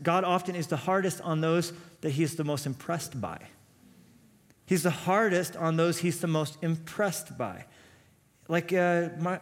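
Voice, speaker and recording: A man with a high, bright-pitched voice preaches a sermon, speaking casually and circling back to the same phrases for emphasis. His voice rings out with a long reverb tail, as in a large hall. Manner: conversational preaching, repeats key phrases. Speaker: pastor.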